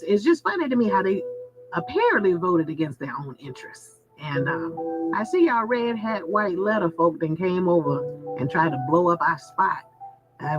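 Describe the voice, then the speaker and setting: A woman vlogger venting to her viewers in a sassy, candid monologue, laughing as she talks. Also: lowish voice. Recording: muffled lo-fi sound with loud music. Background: background music.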